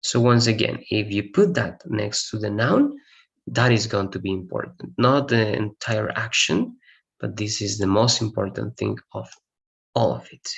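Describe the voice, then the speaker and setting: A man's voice: on the low side, expressive, a little slow, gravelly, lo-fi sound. A man teaching an English grammar lesson, explaining patiently, repeating examples and checking in with "all right?". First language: Spanish.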